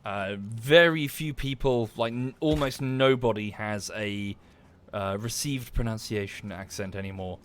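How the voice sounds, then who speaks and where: A man with a fairly low voice speaks at a measured pace, barely pausing, over a slight hiss or hum. He's a game streamer from southern England with an Estuary English accent, chatting casually as he plays on a livestream, thanking viewers by name and swearing at the game under his breath.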